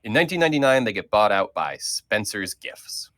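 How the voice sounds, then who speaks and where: A man's voice: lowish voice, sing-song, fairly quick, fairly bright tone. A man leading a casual group chat as host, talking in a rambling way with many fillers and restarts.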